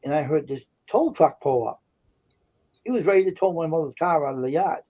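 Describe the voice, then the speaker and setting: A man's voice: a little high, animated, a little fast, mellow, muffled recording. A man on a livestream casually telling indignant, heated stories about confrontations. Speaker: stream co-host. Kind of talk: casual storytelling chat.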